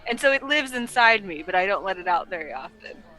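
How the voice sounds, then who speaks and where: A woman's voice: medium pitch, animated, brisk, bright, forceful tone, poor audio. A woman from Oregon playing a tabletop role-playing game, teasing and laughing in casual chat. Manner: teasing, laughing, Valley Girl phrasing. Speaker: player.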